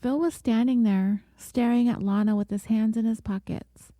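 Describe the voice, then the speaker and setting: A woman narrates a true-crime story in a measured, deliberate manner, her voice mellow and a little high. The sound is close and dry, with no room around it. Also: fairly even intonation, no room sound. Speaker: podcast host.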